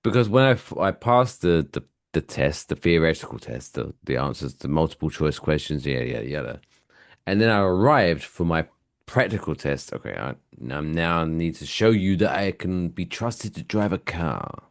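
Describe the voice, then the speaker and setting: An English man in his forties, co-hosting a podcast in casual, profane, animated chat. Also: a bass voice, moderate pace, gravelly, dry recording, studio quality. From England. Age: 40s. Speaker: podcast co-host.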